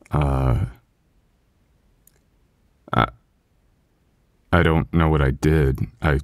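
A man's voice: a bass voice, very slow, long pauses, no room sound, clean studio sound, full character voice. A man voicing a loving young husband in an ASMR boyfriend role-play, stammering and soothing as he apologizes. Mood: worried.

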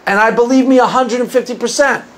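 Here the same kind of speaker sounds extremely high and a little bright, keeping a steady tone at a quick clip. He's a Christian apologist delivering an opinionated monologue to camera on his own video, sarcastic and argumentative, ridiculing his opponents and frequently starting lines over.

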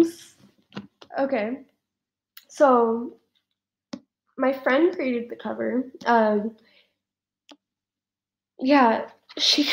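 Casual woman vlogger, emphatic, slow and fairly high, on a dull lo-fi recording. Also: darkish tone. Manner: emphatic, repeats herself, laughs between words. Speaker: fan fiction writer and vlogger. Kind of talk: casual unboxing vlog.

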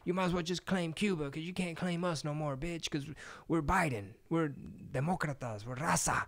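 A man hosting a casual podcast, talking in an animated, profane, slang-heavy way. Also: fairly high pitch, normal speed, gravelly. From Texas. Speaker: podcast host.

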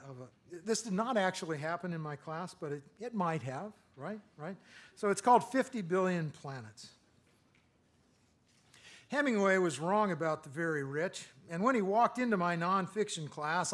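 A middle-aged man giving a lecture, reading his own poems in a measured rhythm and breaking off for hesitant asides full of fillers. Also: high voice. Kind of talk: poetry reading with spoken asides.

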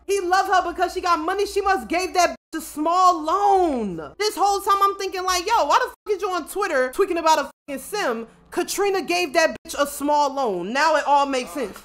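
A woman's voice: extremely high pitch, expressive, normal speed, hardly any pauses, a bit bright. A woman streamer giving casual, profane let's-play commentary, often laughing and talking for her character in the first person. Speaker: gaming streamer.

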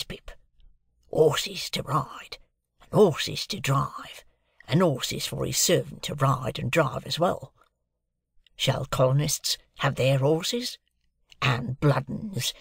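Old convict, slow and husky, hoarse hush; narrator voices him. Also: male voice, mid-range voice, no room sound, studio quality, full character voice. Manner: coarse dialect, hoarse hushed urgency. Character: rough older male convict, fiercely devoted.

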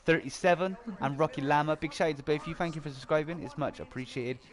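A young-sounding man talks quickly and excitably over a game stream, pitched a little high, reeling off shoutouts to subscribers between rounds. His banter is loose and salty, with the odd swear word, picked up on a headset mic. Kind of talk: casual gaming chat with viewer shoutouts.

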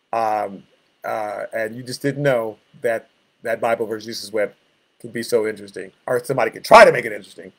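A man in his sixties, a pastor leading an informal Bible study, talking in a conversational, reflective way with rambling asides. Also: mid-range voice. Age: 60s.

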